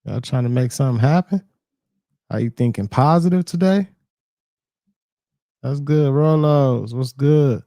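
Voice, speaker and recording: A man's voice: medium pitch, a little slow, long pauses, warm tone, dry recording, clean studio sound. Laid-back man hosting a live stream. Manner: laid-back, drawling, greets chat by name. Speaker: reaction stream host. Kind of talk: casual live-stream chat.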